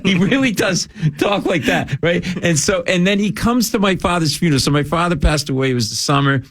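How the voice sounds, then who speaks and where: A middle-aged man from Rhode Island, a guest comedian telling rambling, animated stories in casual chat. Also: fairly high pitch, brisk, vocal fry, no echo. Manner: rambling, animated, full of "like" and asides. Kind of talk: comic storytelling in casual chat.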